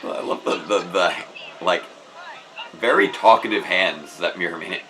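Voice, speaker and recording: A man's voice: low-pitched, moderate pace, noisy background. A man hosting a casual live stream, chatting with enthusiasm and often restarting his sentences. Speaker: host.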